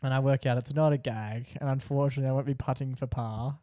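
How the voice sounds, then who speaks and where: A young male podcast co-host tells a story in casual conversation, acting out what people said while laughing often. His mid-range voice moves fast and sounds studio quality, with no room sound.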